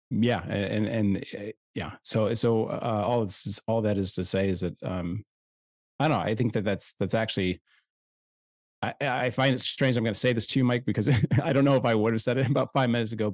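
Man, middle-aged, podcast co-host, reflective, halting, low voice, dry close mic. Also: darkish tone, no echo. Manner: reflective, halting, many restarts. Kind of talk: casual podcast chat.

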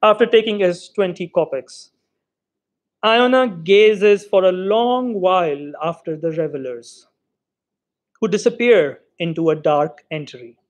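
A man reading a short story aloud in an expressive, theatrical way. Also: high voice, a little slow. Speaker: reader.

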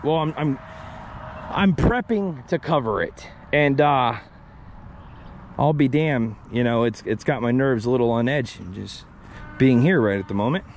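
A man vlogging to the camera while exploring outdoors, excitable and chatty, swearing freely. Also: medium pitch, a little slow, a little hiss or hum. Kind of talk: walking vlog narration to the camera.

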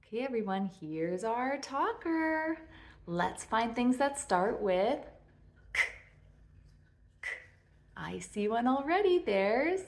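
A woman's voice: a little high, very animated, slow pace, slight background noise. A woman teaching toddlers to talk, in an exaggerated sing-song way that stresses each sound. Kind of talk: children's speech lesson.

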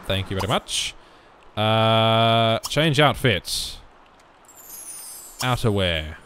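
A young man giving casual let's play commentary, muttering through menu choices with sudden loud bursts of excitement. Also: on the low side, very slow. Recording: noisy background with game rain.

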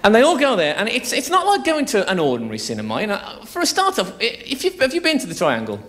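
A man's voice: sits high, huge pitch swings, fast talker. A man with a Birmingham accent doing live stand-up in a theatre, chatty and bawdy, bantering with the front row. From West Midlands, England. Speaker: stand-up comedian. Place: theatre stage before a live audience. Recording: live theatre with loud audience laughter.

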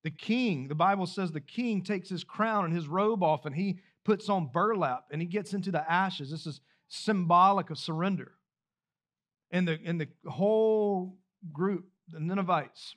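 A man's voice: high voice, moderate pace. Man preaching a conversational sermon. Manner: conversational preaching with rhetorical questions to the congregation; repeats words and restarts phrases while speaking freely. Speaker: pastor. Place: church sanctuary.

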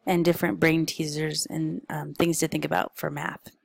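A woman with a deep, slightly creaky voice talks casually through picture book recommendations, filling pauses with ums and uhs. Her delivery stays flat and even, with little rise and fall. The recording is close and dry, with no room sound. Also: no room sound, low-quality recording. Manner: chatty and informal, with frequent fillers. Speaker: parent.

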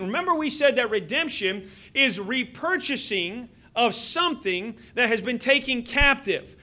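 A man in his thirties preaching a sermon as a church pastor, earnest and halting, with many fillers and restarts. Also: very high voice, lively intonation, bright, forceful tone. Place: church sanctuary. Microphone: handheld microphone.

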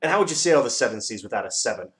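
A man voicing a pedantic, number-obsessed male dodecahedron in a storybook reading, lecturing precisely and bursting into shouts. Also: mid-range voice, sing-song, rapid-fire. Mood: excitable, lecturing.

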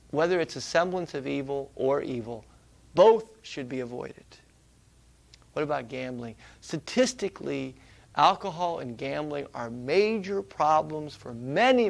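A man preaching a conversational sermon, swinging between loud, emphatic passages and quiet, hushed asides. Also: medium pitch, creaky.

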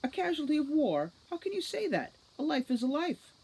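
A woman's voice: mid-range voice, very animated, brisk, a little mellow, breathy edge, pitched above the performer's own voice, poor audio. A woman voicing a determined young female elf police captain who pleads and argues earnestly. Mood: indignant.

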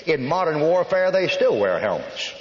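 An older American preacher telling blunt, folksy army stories in a sermon, scolding and emphatic. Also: male voice, a little high, very animated, moderate pace. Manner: folksy storytelling with rough army anecdotes. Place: church hall. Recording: echoey hall, dull old recording.

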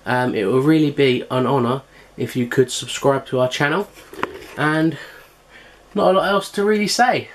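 Brief: man, mid-pitched, chatty cooking vlog host, casual, filler-heavy. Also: normal speed. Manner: chatty, filler-heavy, eating while talking.

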